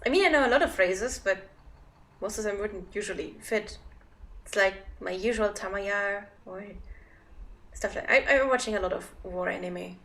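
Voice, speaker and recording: A woman's voice: mid-range voice, normal speed, fairly bright tone. A woman in her thirties chatting casually on a game livestream, rambling and self-deprecating. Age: 30s. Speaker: game streamer.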